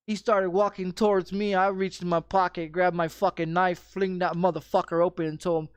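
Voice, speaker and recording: A man's voice: high-pitched, little pitch movement, moderate pace, hardly any pauses, clear, resonant tone, dry recording. Profane rambling man telling a story. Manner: profane, rambling, repeats words and restarts often. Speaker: streamer. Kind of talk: casual storytelling chat.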